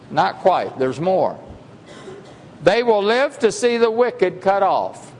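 A male preacher delivers an emphatic sermon in a fairly high voice, firing rhetorical questions at his congregation. His voice carries with a long reverb tail, as if filling a large church sanctuary.

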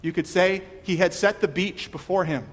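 A man's voice: high-pitched, normal speed, in a large hall. A man preaching a sermon, earnest and questioning, often restarting his words. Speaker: pastor.

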